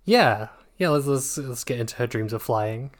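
A man co-hosting a casual book podcast, making sarcastic deadpan jokes and swearing casually. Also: medium pitch, normal speed. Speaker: podcast co-host. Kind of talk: casual book-discussion chat.

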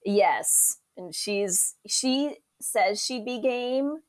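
A lively woman guest recounting stories from her life on a podcast. She talks casually, laughs through her anecdotes and acts out the voices of the people she quotes. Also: medium pitch, very slow. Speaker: meteorologist guest. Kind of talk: casual storytelling interview.

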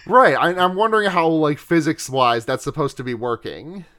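A man's voice: a little high, big pitch swings, pushed and bright, clear, resonant tone. A young man co-hosting a casual podcast, rambling and swearing as he recaps a movie and laughs often. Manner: rambling, profane, quick to laugh. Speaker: podcast co-host.

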